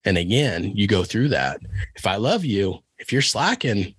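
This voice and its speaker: A man's voice: fairly low pitch, sing-song, normal speed, a bit bright, slight background noise. A man from Kansas, a wrestling coach, talking earnestly in a casual interview, with many fillers and restarts. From Kansas, USA. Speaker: wrestling coach and podcast guest.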